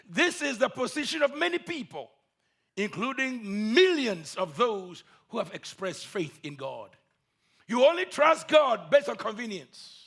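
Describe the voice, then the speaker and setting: A man's voice: very high voice, sing-song, a little slow, vocal fry, a bit bright, husky. A man preaching a sermon, telling a story with emphatic, repeated phrases.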